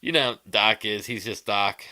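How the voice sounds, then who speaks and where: A man's voice: mid-range voice, gravelly, bright, forceful tone. A man hosting a guitar livestream, chatting casually and rambling through stories with frequent chuckles.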